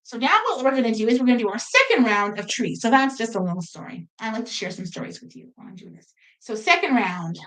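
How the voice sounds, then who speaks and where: A middle-aged woman hosting a sewing video, telling a rambling, animated story in casual chat. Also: on the high side, fast talker, few pauses, low-quality recording. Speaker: quilting video host.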